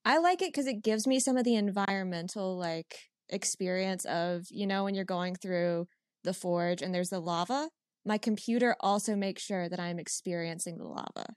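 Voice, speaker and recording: A woman with a mid-range voice jokes and enthuses in relaxed podcast talk. Her recording is close and dry. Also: mid-range voice, no echo. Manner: quick-witted, punning, enthusiastic. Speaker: podcast co-host. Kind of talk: casual chat.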